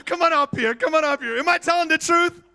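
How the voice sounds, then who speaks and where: A man preaching a sermon as pastor, telling stories in a lively way, laughing and acting out what people said. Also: very high-pitched, quick pace, creaky. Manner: animated storytelling with laughter and acted-out voices. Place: church sanctuary.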